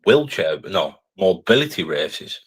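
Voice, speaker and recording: A man's voice: low voice, very animated, measured pace, breathy edge. A man from Northern England co-hosting a live stream, trading crude, sweary, mocking banter.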